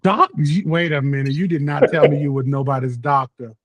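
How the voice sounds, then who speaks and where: A man's voice: on the high side, brisk, no echo. A man in his thirties with a Southern US accent, a talkative, playful podcast guest in casual chat. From North Carolina, US. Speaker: podcast guest, content creator.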